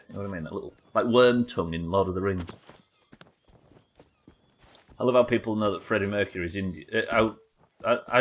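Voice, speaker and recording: A young man streaming a pirate game live, chatting with viewers and swearing casually. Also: on the low side. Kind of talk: live game commentary reading chat.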